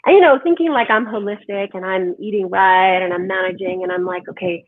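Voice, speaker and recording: A woman's voice: medium pitch, fairly quick, dry recording. Emphatic woman on a tinny line. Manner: animated, emphatic, lots of "right?". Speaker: holistic health speaker. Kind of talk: conversational interview. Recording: tinny phone-like line, dry.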